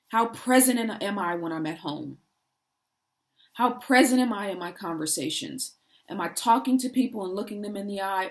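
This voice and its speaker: Earnest woman preaching inspirational reflection. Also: fairly low pitch. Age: adult parent. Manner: earnest, repetitive rhetorical questions. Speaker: spiritual speaker. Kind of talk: inspirational monologue.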